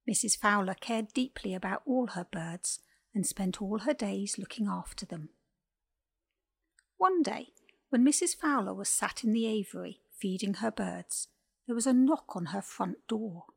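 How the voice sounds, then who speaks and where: A woman reading a scripted children's animal story slowly and gently. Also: medium pitch, expressive, gravelly, slightly rough.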